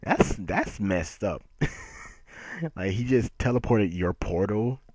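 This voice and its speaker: Brief: low-voiced male reviewer, emphatic and joking, dry close sound. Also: takes it slowly, no echo. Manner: animated and emphatic, laughs often. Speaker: manga reviewer. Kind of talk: casual chapter review.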